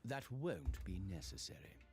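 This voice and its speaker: A man's voice: mid-range voice, very animated, a little slow. An actor playing a grand, self-assured male British consulting detective in an anime game cutscene, with a theatrical manner. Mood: smug. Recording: game audio with loud music behind. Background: music.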